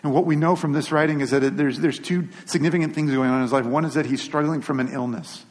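A man's voice: on the high side, steady tone, fast talker, darkish tone. A man giving an earnest, conversational sermon as pastor, often repeating and restarting his words. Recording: long reverb of a large hall.

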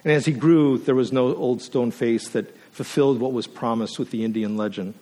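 A man preaching a sermon as a guest speaker, earnest and emotional, at times choked up, his voice rising to emphatic peaks and sinking to a near hush. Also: medium pitch, moderate pace. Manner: earnest, emotional, swells up then drops to a hush.

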